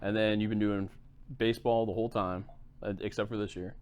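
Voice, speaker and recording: A man's voice: fairly low pitch, steady tone, fairly quick, darkish tone, a little hiss or hum. A man hosting a sports coaching podcast who talks conversationally and reflects on competition with frequent fillers. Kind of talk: casual podcast chat.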